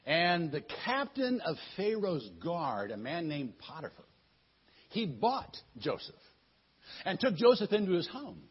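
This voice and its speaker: Husky, lively male storyteller. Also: on the high side, a little slow. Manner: folksy, stumbling, with asides. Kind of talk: casual Bible story retelling. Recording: muffled lo-fi recording.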